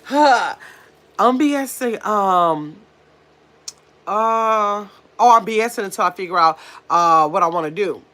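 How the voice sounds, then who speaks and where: A woman's voice: mid-range voice, expressive, measured pace, pushed and bright. A woman hosting a casual home livestream, chatting with viewers and reading out their comments. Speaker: livestream host. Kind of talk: casual live chat with viewers. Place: at home in pajamas.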